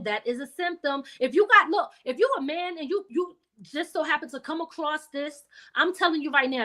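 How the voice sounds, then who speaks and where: Middle-aged woman, high voice, chatty host, folksy asides. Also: fairly bright tone. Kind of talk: casual chat.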